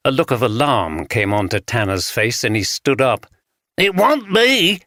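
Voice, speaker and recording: A man narrating a mystery audiobook in a steady, measured reading. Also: lowish voice, dry recording, studio quality.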